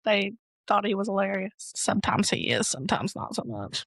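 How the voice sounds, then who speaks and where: A woman's voice: mid-range voice, big pitch swings, a little fast, vocal fry, no echo, clean studio sound. A young woman co-hosting a podcast in casual chat, laughing and correcting her partner's stories. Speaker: podcast co-host.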